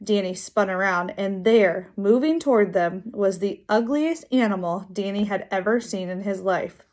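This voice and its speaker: A teacher reading a children's chapter book aloud with lively, drawn-out dramatic pauses. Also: female voice, medium pitch.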